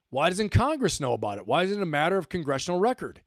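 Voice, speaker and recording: A man's voice: sits high, very animated, fast, no room sound, studio quality. A man hosting a livestream, giving emphatic commentary and repeating his points for stress. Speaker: host.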